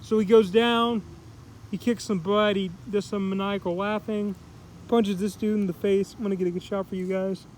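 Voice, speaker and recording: A man's voice: high voice, little pitch movement, moderate pace, a little mellow, slight background noise, low-quality recording. A man giving a casual spoken comic book review, rambling with lots of fillers as he loosely paraphrases the characters.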